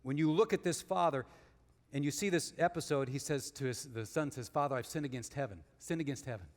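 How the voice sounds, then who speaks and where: A man giving a sermon as guest speaker, moving between emphatic rises and hushed storytelling. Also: medium pitch, a little fast. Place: church sanctuary. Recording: long reverb of a large hall.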